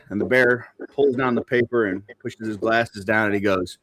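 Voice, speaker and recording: A man hosting a podcast in casual chat, telling rambling jokes and laughing loudly. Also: fairly low pitch, moderate pace, few pauses, no room sound. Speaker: podcast host.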